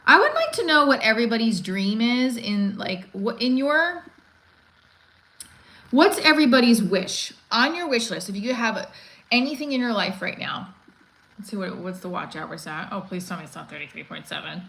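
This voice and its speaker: A woman's voice: a little high, very animated, normal speed, a bit bright, low-quality recording. A woman hosting a casual live stream, rambling, restarting her sentences and reading viewer comments aloud. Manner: rambling, restarts often, reads chat aloud. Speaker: livestream host.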